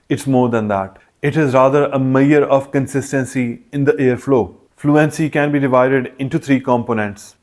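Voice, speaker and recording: A man's voice: mid-range voice, darkish tone. A man teaching exam preparation in a methodical, scripted way, listing points one by one. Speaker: test prep instructor. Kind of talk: scripted instructional explanation.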